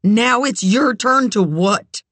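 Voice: mid-range voice, expressive, slow pace, a bit bright, dry recording. A reader voicing a wounded woman fighting to protect a child in an audiobook thriller, her voice pleading and tearful. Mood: anguished. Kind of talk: audiobook character voice.

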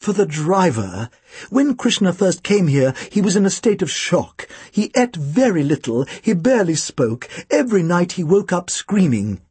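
A man's voice: sits high, sing-song, moderate pace, darkish tone, husky, no echo, heavily acted. A man voicing a formal, cautious male doctor who gives precise, earnest warnings about his patient.

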